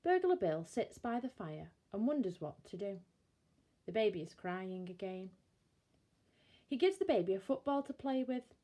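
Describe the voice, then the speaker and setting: A woman reading a bedtime story aloud in a slow, expressive storytelling manner. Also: mid-range voice.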